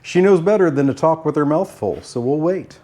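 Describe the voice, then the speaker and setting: An older man walks viewers through a recipe in a relaxed, folksy way. His voice sits a little high for a man, and he is easygoing, jokey and sprinkled with "uh"s. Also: fairly quick. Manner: folksy and jokey, with frequent "uh" fillers. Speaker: cooking show host. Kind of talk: casual cooking narration.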